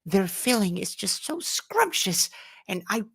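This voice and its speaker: A woman putting on a hushed, genteel gentleman. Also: medium pitch, very animated, heavily acted. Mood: dreamy. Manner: slow, breathy and hushed, with courtly phrasing. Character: prim, genteel, soft-spoken man fond of sweets. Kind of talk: live improvised character voice.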